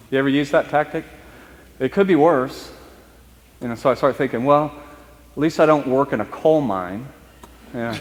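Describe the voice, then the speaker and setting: A man preaching a storytelling sermon, talking in a conversational, halting way and slowing down for emphasis. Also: medium pitch, big-room sound. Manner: conversational, halting restarts, speeds up and slows for emphasis. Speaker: priest. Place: church.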